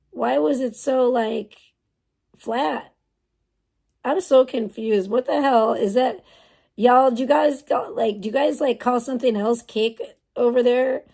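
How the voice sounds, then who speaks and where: A young woman talks casually on a live stream. Her voice sits a little high, with a gravelly fry and a mellow, dark tone. She swears freely and reacts to her chat with blunt, bemused exasperation. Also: unhurried. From United States. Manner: profane, exasperated, bemused, talking back to chat. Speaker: livestreamer reading chat.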